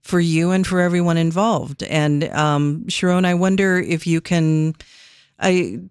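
A radio host running a call-in show, speaking gently and reassuringly to callers and a guest. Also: medium pitch, steady tone, unhurried, clean tone, no echo, studio quality.

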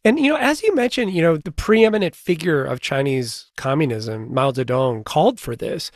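Measured male radio interviewer, dry sound. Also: a little high, lively intonation, no room sound. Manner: measured, inquisitive. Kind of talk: news interview.

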